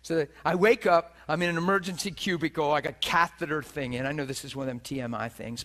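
A middle-aged man preaching, telling a personal story with animated delivery, acting out voices and laughing often. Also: fairly high pitch, brisk, few pauses. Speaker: preacher teaching on healing. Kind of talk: sermon storytelling. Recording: live teaching session, room mic.

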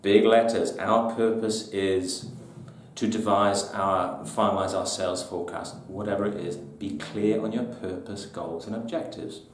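A man's voice: on the low side, steady tone, measured pace, slight background noise. A man presenting business tips to camera in an emphatic, punchy, colloquial way. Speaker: business trainer. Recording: echoey room, mic at a distance.

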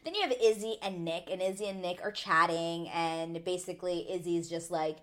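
A woman casually recapping a reality dating show, chatty and opinionated, full of "like" fillers and high indignant outbursts. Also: normal speed, fairly bright tone. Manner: rises to high indignant exclamations. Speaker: TV recap vlogger.

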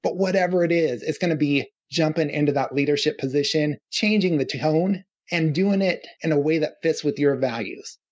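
A man's voice: fairly high pitch, normal speed, muffled recording. A man speaking as a podcast guest, explaining his ideas earnestly with analogies. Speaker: podcast guest, relationship author. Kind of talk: podcast interview.

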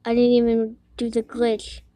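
A woman giving casual commentary while playing an online game, excitable, giggly and quick to get frustrated, talking to herself. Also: on the high side. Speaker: gamer playing a Roblox game. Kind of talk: casual let's-play commentary.

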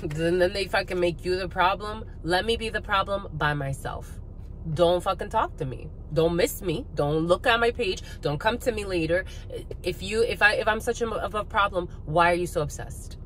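A woman's voice: lowish voice, moderate pace, a bit bright, slight background noise. Blunt, profane woman giving a tarot reading. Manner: blunt, profane, rants with laughs; calls viewers "my lovies". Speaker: spiritual reader.

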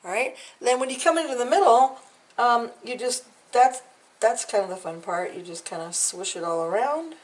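A woman's voice: on the high side, expressive, normal speed, recorded from a distance, low-quality recording. A woman hosting a casual real-time coloring tutorial, chatty and encouraging, trailing off and repeating words as she works. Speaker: art tutorial host.

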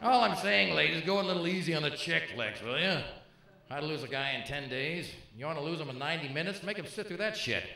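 A man's voice: fairly high pitch, fast talker, vocal fry. A middle-aged man doing brash, punchy stand-up comedy on a club stage, bantering with the crowd. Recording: echoey live room with faint ambience.

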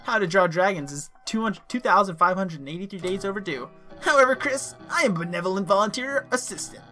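Man putting on a pompous fussy librarian monster, game voice, pitched up. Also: expressive, fast talker, bright, forceful tone, faint music behind.

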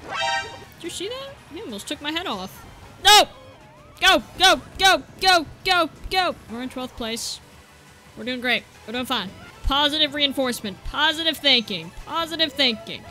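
A woman giving excitable gameplay commentary, yelping and cracking crude jokes. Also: high-pitched, normal speed, soft background music. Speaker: gaming YouTuber.

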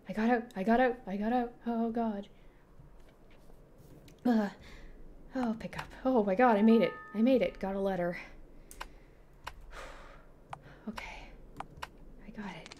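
Speaking at a measured pace with long pauses, in a medium-pitched voice with a dark tone, the young woman gives let's-play commentary on a horror game. She's jumpy and panicked during a chase, talks to herself and reads text out loud, and there's slight background noise.

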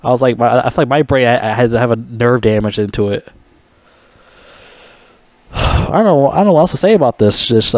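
A man's voice: medium pitch, darkish tone, no echo. Exasperated man in a profane rant. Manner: ranting, profane, exasperated, sighing, stumbling restarts. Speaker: video creator ranting about a TV show.

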